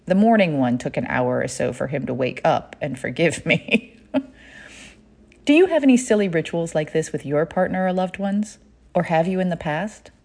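Lively, playful woman podcast host. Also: low voice. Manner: playful, chatty storytelling with laughs. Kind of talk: solo podcast monologue.

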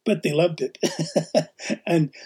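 Husky man telling lively stories. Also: fairly high pitch, extremely slow. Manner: animated, laughs often while telling stories. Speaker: podcast host and teacher. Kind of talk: casual storytelling.

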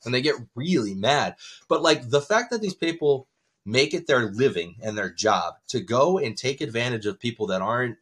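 A man's voice: mid-range voice, animated, normal speed, a bit bright, breathy edge. A man hosting a podcast in casual chat, talking bluntly, swearing freely and rambling with restarts. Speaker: podcast host.

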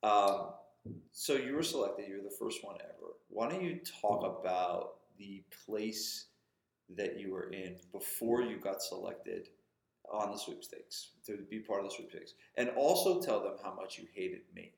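Man, podcast host, very deep voice, joking, prompting, echoey recording. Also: expressive, measured pace, vocal fry. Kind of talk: casual interview chat. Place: audio-only podcast recording. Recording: echoey room.

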